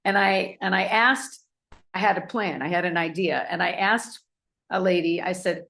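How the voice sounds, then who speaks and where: A woman telling a personal anecdote to an audience, animated and acting out the people in it. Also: on the low side, normal speed, gravelly. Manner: animated, acts out voices in anecdotes. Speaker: speaker. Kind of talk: storytelling talk to an audience.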